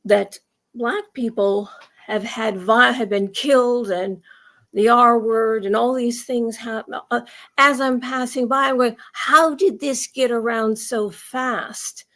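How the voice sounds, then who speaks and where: A woman's voice: on the high side, steady tone, slow, a bit bright. A woman from the United States delivering a rambling, emphatic opinion monologue with frequent restarts. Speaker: commentary vlogger.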